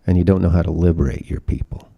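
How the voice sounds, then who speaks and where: A man's voice: sits low, quick pace, gravelly, lo-fi sound. A man speaking at a conference, emphatic and preachy, leaning on vivid metaphors. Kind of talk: open-forum conference talk.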